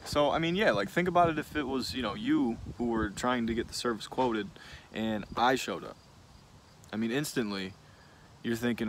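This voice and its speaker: A man's voice: medium pitch, normal speed, a little hiss or hum. A man in his twenties who owns a service business, talking casually and frankly to the camera, rambling with lots of fillers. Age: 20s. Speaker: business owner, vlogger.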